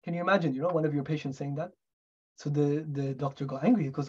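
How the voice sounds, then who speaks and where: A man's voice: on the high side, fairly even intonation, fast, breathy edge, dull audio. A middle-aged man from the UK, a doctor giving a talk on medical history in a storytelling way, often asking the audience rhetorical questions. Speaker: guest speaker, doctor.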